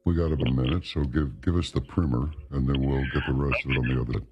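A man hosting a radio talk show, steering the interview in a brisk, jokey way. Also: extremely low pitch, steady tone, highs cut off, background noise.

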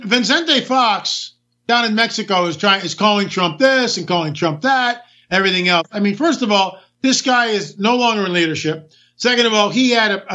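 Man, talk show host, ranting political monologue, high bright voice, dull lo-fi recording. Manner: ranting, emphatic, rhetorical questions.

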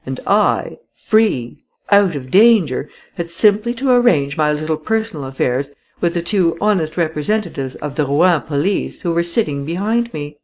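A reader giving measured, dramatic first-person audiobook narration. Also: mid-range voice, animated.

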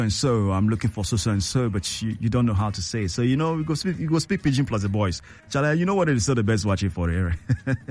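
A man's voice: mid-range voice, a little mellow. A man hosting a call-in radio show from a studio, playful and teasing, repeating phrases. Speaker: radio host.

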